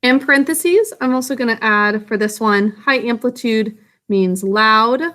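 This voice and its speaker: Woman science teacher, patient step-by-step explainer, slightly high voice, recorded lesson. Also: unhurried, bright, forceful tone.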